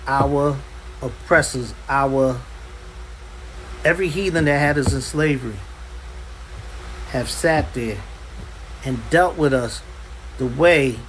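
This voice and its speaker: A man teaching a Bible class in an impassioned preaching style, forceful and hammering points home by repeating himself. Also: medium pitch, a little hiss or hum, poor audio. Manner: forceful, repeats "understand" for emphasis. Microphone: livestream.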